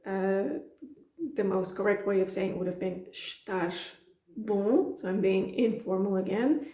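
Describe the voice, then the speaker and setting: A woman's voice: medium pitch, steady tone, a little slow, dark tone, roomy sound. A woman from Portugal with a European Portuguese accent, teaching in a chatty way, acting out dialogue lines and laughing often. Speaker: language teacher. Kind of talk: casual explanatory lesson.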